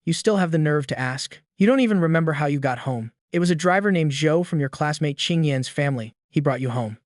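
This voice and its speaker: A woman's voice: low-pitched, animated, brisk, no echo, clean studio sound. A man voicing a stern middle-aged mother who nags and scolds her son, in an audio story. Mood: scolding. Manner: nagging, scolding.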